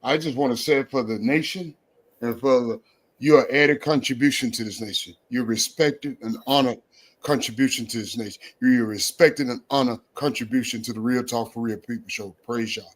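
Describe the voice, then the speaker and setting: A man's voice: mid-range voice, normal speed. A male host with a mid-range voice who speaks in a preacherly way. He stacks up repeated phrases and leans into each one as he runs a streamed faith talk show.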